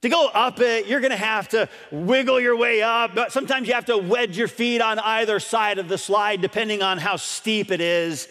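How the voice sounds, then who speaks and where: A male pastor preaches earnestly in a fairly bright voice on the high side, repeating his key points and putting questions to the congregation. The long reverb of a church hall fills the recording.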